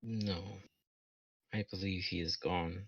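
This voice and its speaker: A man's voice: low-pitched, takes it slowly, vocal fry, dull audio, exaggerated voice. A man playing a terse stoic warforged construct. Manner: terse, flat, clipped answers.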